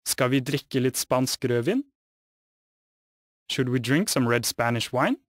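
Male Norwegian-accented tutor, slow and expressive, dry studio read. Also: medium pitch, dry recording. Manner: careful, speaks each phrase then translates it. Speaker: language teacher, voices Jan. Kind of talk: slow scripted language lesson.

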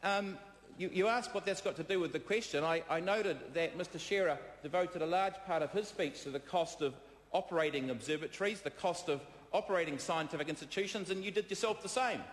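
A man with a New Zealand accent giving a parliamentary debate speech, combative and halting, with many fillers, repeated phrases and replies to hecklers. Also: a little high. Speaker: member of parliament. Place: debating chamber. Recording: echoey chamber with long reverb.

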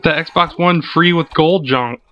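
A man's voice: on the high side, a little slow. A man casually co-hosting a let's play, joking and laughing often while reading game text aloud. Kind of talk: casual gaming chat. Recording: dull lo-fi sound with game music.

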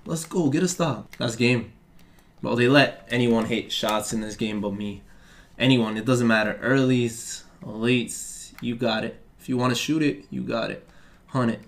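Young man, gaming commentary, loud highs, low grumbles. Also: steady tone, unhurried. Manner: swings between hype yelling and deflated muttering. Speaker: gaming YouTuber. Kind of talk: live gameplay commentary.

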